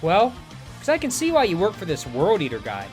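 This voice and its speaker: A man's voice: sits high, huge pitch swings, brisk, soft background music. A man voicing a bold woman hero with a mocking way of talking. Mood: taunting.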